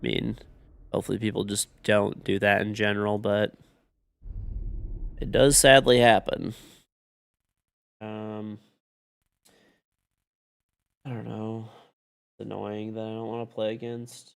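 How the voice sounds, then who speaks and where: A man's voice: lowish voice, flat delivery, measured pace, gravelly, pauses often, clean tone. A young man streaming a shooter game, chatting casually with viewers and teammates and swearing bluntly. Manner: swearing, blunt, reacting to gameplay and chat. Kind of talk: casual gaming stream chat. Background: gunfire from the game.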